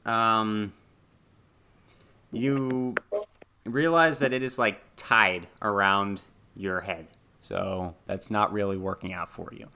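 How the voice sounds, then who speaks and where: A man's voice: lowish voice, fairly even intonation, slow pace, gravelly, long pauses, sharp tone, slight background noise. A man narrating a tabletop horror game as game master, casual, with laughing asides and many ums.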